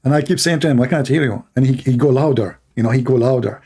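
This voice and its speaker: Gravelly, dark-voiced man hosting a livestream. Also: medium pitch. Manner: mocking, laughing at callers; repeats words in quick bursts. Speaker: livestream host taking calls. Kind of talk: casual livestream talk.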